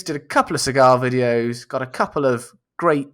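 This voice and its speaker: A man's voice: mid-range voice, fairly quick, a bit bright. A young man co-hosting a podcast, chatting casually in a jokey, sweary, mock-grand way. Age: young adult. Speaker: podcast co-host. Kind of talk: casual chat.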